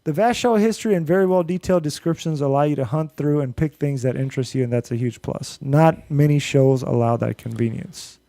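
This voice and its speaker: Podcast host, man, mixed Indian-American accent, high voice, loose rambling delivery with laughs. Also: fairly quick, creaky, few pauses, dark tone, dry recording. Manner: rambling, laughs often, restarts and fillers. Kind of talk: casual podcast chat, reading listener reviews.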